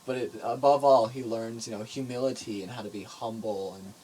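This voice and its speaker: A young man co-hosting a podcast, telling stories in a jokey, animated way. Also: mid-range voice, fairly quick, husky, poor audio. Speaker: podcast co-host. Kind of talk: casual podcast chat.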